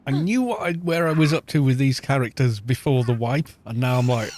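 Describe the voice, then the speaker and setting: A man's voice: mid-range voice, brisk, hardly any pauses, darkish tone, slight background noise. A middle-aged Welsh man chatting casually and rambling as he streams a game, poking fun at himself. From Wales. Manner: self-mocking, rambling, chatty. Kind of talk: casual gameplay chat.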